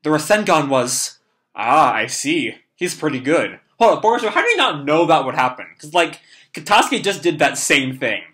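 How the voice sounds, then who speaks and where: A hoarse young man hosting a casual live comic read-through, rambling with lots of "like" and "uh". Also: on the high side, big pitch swings, normal speed, bright, forceful tone. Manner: rambling, full of "like" and "uh". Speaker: comic reaction host.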